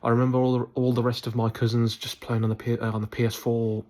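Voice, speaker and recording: A man's voice: mid-range voice, flat delivery, fast, darkish tone. A young man telling a rambling, chatty story to his viewers in a casual vlog. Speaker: YouTuber.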